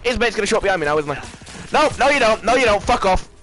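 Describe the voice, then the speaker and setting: A man playing a shooter game with a friend, swearing constantly and yelling at enemies. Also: sits high, lively intonation, rapid-fire, a little hiss or hum. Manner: explosive, swearing, yells at enemies. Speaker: gamer streaming with a friend. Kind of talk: profane gameplay rant.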